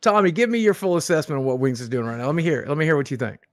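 A man's voice: fairly high pitch, very animated, very fast. A man co-hosting a live stream, chatting casually and coaxing the others along.

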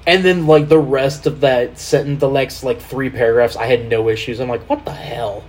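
A man hosting a casual podcast chat, animated, swearing freely and laughing while he directs the video playback. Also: medium pitch, normal speed, a little hiss or hum. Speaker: podcast host.

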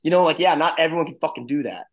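A man's voice: a little high, racing. A man in his twenties from Florida, a wrestling coach talking bluntly and swearing freely in casual podcast chat. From Florida, USA. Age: 20s.

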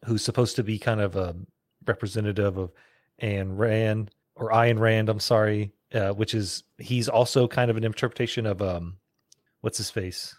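A man co-hosting a podcast in casual chat, sharing trivia in halting bursts. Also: fairly low pitch, fairly even intonation, no echo, studio quality. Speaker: podcast co-host.

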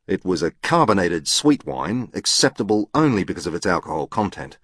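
Low-voiced guy reading an audiobook, exact and deadpan, dry close mic. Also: normal speed, no room sound. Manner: precise, matter-of-fact. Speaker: audiobook narrator. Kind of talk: scripted first-person narration.

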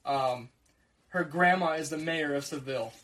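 High-voiced young man telling a wild story. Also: normal speed, low-quality recording. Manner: animated, acts out quotes, swears freely. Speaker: podcast co-host telling a story. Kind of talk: casual storytelling chat.

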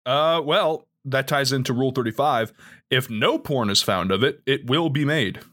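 A man's voice: mid-range voice, normal speed, pushed and bright. A young man co-hosting a casual podcast, reading rules aloud and adding jokey asides. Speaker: podcast co-host. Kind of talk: casual chat.

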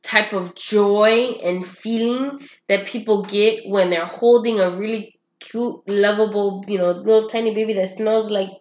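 A woman's voice: medium pitch, steady tone, a little slow, few pauses, darkish tone. A woman in her thirties, co-hosting a podcast in casual chat, talking frankly and laughing often. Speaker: podcast co-host. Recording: roomy, slightly dull recording.

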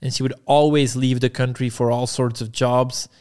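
Smooth-voiced young man telling a story. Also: mid-range voice, little pitch movement, normal speed, a little mellow. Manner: laid-back, swears freely, acts out quotes. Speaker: podcast guest. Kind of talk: casual storytelling chat.

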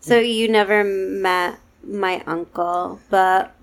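A woman's voice: mid-range voice, fairly even intonation, slow pace. A young woman hosting a casual chat, telling stories hesitantly with many fillers. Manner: hesitant, filler-heavy storytelling. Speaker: podcast host.

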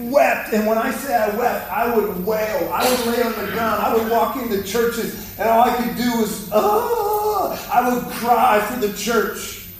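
A man's voice: very high-pitched, measured pace, few pauses, noisy background. A man preaching a fiery sermon in a church, exhorting the congregation and calling for their response. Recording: echoey hall, mic from far off.

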